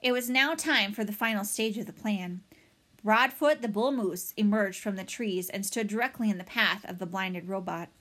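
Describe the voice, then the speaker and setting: A woman narrating a children's novel aloud in an expressive, dramatic way. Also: medium pitch, normal speed. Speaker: audiobook reader. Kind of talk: storybook narration.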